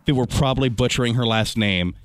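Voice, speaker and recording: A man's voice: medium pitch, brisk. A man hosting a morning radio show, bantering playfully and riffing on silly ideas. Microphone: studio microphone.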